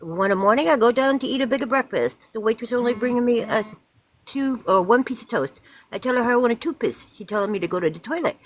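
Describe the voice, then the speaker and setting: A woman's voice: a little high, animated, quick pace, close to an everyday voice, poor audio. Woman putting on an Italian joke voice. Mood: joking. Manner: broken-English joke delivery. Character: Italian man telling a crude hotel joke.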